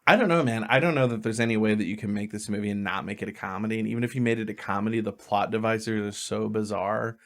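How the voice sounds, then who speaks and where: A man's voice: on the low side, quick pace, few pauses. A man who works as a filmmaker, co-hosting a casual podcast chat, rambling, swearing and laughing often. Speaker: podcast co-host.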